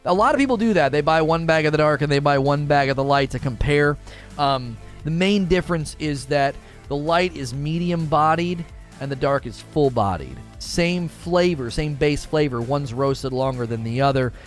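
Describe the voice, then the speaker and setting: Casual streamer guy, chatty and animated. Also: normal speed, soft background music. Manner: animated, with sudden high-pitched bursts when quoting; trails off quietly at the ends of thoughts. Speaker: livestream host. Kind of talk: casual chat reading viewer comments.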